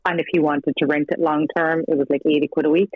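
A woman's voice: sits low, flat delivery, fast, husky, dry recording. Irish woman talking over a tinny phone line. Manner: chatty storytelling, acts out quoted dialogue, laughs between lines. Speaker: guest, former partner of the subject. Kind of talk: casual interview over the phone.

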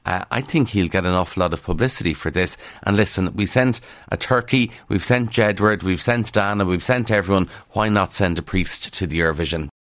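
Radio presenter, Irish man with a Kildare accent, low voice, dry close studio sound, wry and chatty. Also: a little fast, a bit bright, no room sound. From Kildare, Ireland. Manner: wry, chatty, skeptical asides. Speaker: radio newspaper review presenter. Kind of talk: casual radio news review.

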